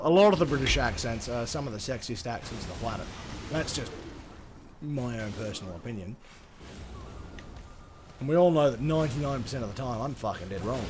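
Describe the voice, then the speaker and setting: High, animated Australian man streaming. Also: a little hiss or hum. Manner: chatty and rambling, swears freely, reads chat aloud. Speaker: live streamer. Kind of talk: casual gaming stream chat.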